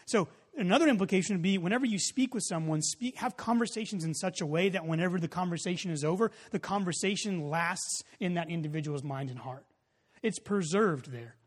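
A man preaching a sermon, telling a story in a loose, casual way with many fillers, then building to loud emphasis. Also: sits high, brisk. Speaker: pastor. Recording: long hall reverb.

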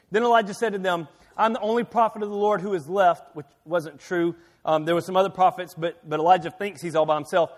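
High-voiced preaching man in a reverberant hall. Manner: dynamic preaching, swings from quiet to loud and emphatic; restarts and repeated words. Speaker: pastor. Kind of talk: sermon. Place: church sanctuary.

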